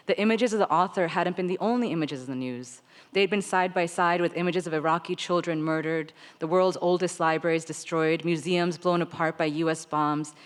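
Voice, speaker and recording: A woman author reading her own fiction aloud, in an expressive way with light laughter. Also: on the low side, brisk. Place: literary seminar stage. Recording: long reverb of a large hall.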